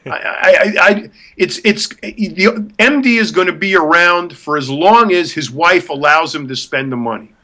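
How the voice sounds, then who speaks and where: A man with a high, bright voice rants on a talk show. He is blunt and scornful and hammers his points home by repeating them. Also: a little slow, few pauses. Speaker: podcast co-host. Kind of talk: opinionated rant.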